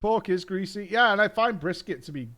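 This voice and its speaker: A man's voice: high-pitched, expressive, brisk, bright, forceful tone. A man in his thirties, a streamer rambling in casual chat, reading out a menu with frank asides and the odd swear. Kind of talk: casual chat while gaming.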